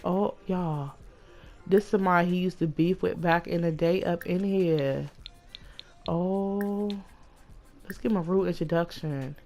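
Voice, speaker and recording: A woman's voice: lowish voice, steady tone, measured pace, darkish tone, soft background music. A young woman giving casual, slangy commentary on a life-simulation game, retelling the characters' talk line by line.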